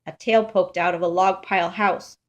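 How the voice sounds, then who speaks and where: A woman reading a children's picture book aloud in a lively, sing-song rhyming way. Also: lowish voice, normal speed. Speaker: storybook reader.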